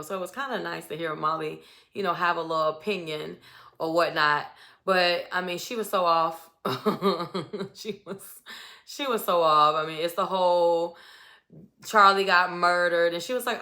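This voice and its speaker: A bright-voiced woman recaps a reality competition episode in a casual, chatty way. She talks with sass, acting out what the contestants said and firing off her own opinions. Her tone is lively and expressive. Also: fairly low pitch. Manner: animated, sassy, acts out quotes with attitude.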